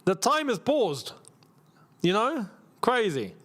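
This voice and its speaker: A young man chats through a live match as host, his voice sitting high and swinging widely in pitch. He banters in slang and breaks into laughter often. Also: huge pitch swings, slow pace, fairly bright tone. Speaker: football watchalong host. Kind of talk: casual live match commentary and chat.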